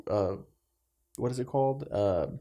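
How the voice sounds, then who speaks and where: A man's voice: mid-range voice, very animated, moderate pace, a little mellow. A young man co-hosting a podcast, chatting in an enthusiastic, slangy way and calling people "dude" and "man.". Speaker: podcast co-host. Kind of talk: casual chat.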